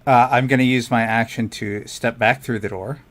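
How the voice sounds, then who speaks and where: A man playing in a tabletop game, thinking out loud about his character's moves. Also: medium pitch, steady tone, normal speed, a little hiss or hum. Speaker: player.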